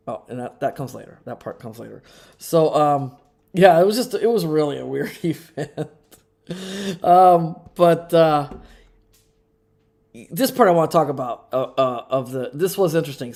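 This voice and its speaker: A man's voice: on the high side, expressive, normal speed, vocal fry, darkish tone. A man hosting a casual live stream, rambling with sarcastic asides and frequent chuckles. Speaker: livestream host.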